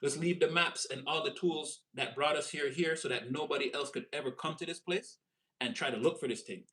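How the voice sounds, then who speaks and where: A man's voice: fairly high pitch, fairly quick, bright, forceful tone. A man putting on a drawling English treasure hunter. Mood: resigned. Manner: drawling, casual, repeats "bro". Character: laid-back male treasure hunter calling off the hunt.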